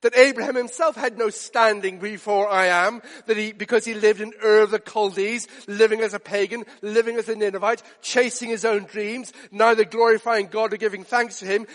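A high-voiced man preaches a sermon earnestly, building steadily toward pointed rhetorical questions. A long reverb trails after his words, as though he is in a large hall.

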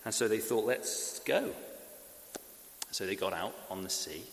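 Halting male preacher in echoey hall. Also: sits low. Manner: halting, many fillers and restarts. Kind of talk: sermon. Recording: echoey hall with faint hiss.

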